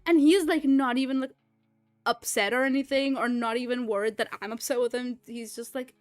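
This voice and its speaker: A young woman livestreaming, telling a rambling, animated story full of fillers, swearing and laughter. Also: a little high, a little fast. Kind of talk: casual storytelling chat.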